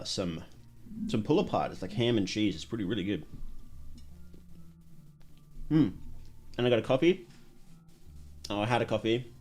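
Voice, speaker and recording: A man, chatting casually on a livestream, rambling with many fillers and restarts. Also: lowish voice.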